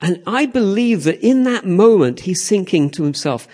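A high-pitched man preaches a sermon at normal speed with few pauses. He is animated and keeps checking in with his audience, repeating "okay? all right?"

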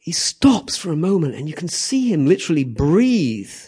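A man's voice: on the high side, moderate pace, slightly rough. A man preaching animatedly, often checking in with the audience. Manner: animated, repeats "okay? all right?" to the audience. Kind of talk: sermon.

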